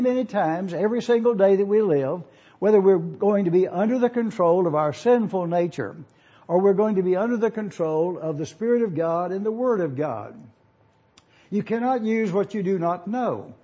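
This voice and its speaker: A man's voice: high voice, dark tone, slightly rough, muffled recording. A man preaching a sermon in an auditorium, teaching and asking listeners to follow along in their Bibles.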